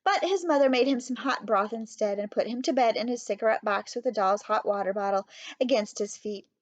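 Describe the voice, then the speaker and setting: A woman reading a children's storybook aloud in a steady, clear way. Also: a little high, a little fast, no room sound. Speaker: audiobook reader. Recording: dry, slightly muffled.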